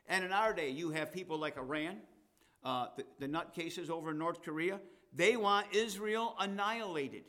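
A man preaches a sermon, reading scripture aloud. His voice sits a little high for a man. He hammers his main points and then slips into soft, offhand remarks. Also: moderate pace. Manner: emphatic, rising to loud declarations and dropping to asides.

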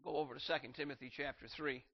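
A man's voice: steady tone, quick pace. A male pastor preaching a sermon, reading scripture aloud and raising his voice to drive points home. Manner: rises in pitch and volume to drive points home; reads scripture aloud in King James wording. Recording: muffled lo-fi recording.

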